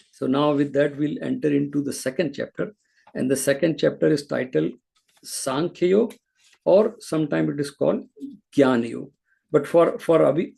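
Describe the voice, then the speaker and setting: A man's voice: mid-range voice, vocal fry, mellow, breathy edge. A man teaching a scripture class, explaining patiently with frequent restarts. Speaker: spiritual teacher.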